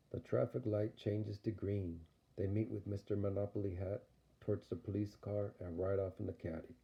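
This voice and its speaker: A man's voice: on the low side, gravelly. A man narrating an audio story in a rambling, playful way. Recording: dull lo-fi recording.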